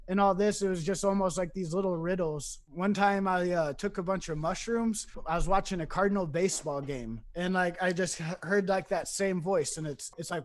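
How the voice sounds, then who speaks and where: A man's voice: high voice, normal speed, few pauses. A man from East Saint Louis, a podcast guest in casual chat, telling long rambling stories and acting out the voices he quotes.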